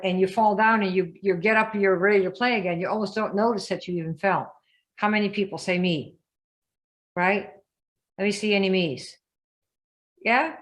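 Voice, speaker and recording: A woman coaching a group in a lively live session, often asking her listeners questions and acting out the voices she quotes. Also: mid-range voice. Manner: emphatic, asks the audience questions, acts out quoted voices. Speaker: business coach.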